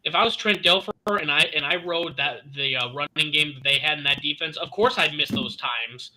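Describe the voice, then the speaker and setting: A man co-hosting a casual sports podcast, talking in excitable, fired-up rants with some swearing. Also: fairly high pitch, fairly quick, a little hiss or hum, rough recording. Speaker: podcast co-host.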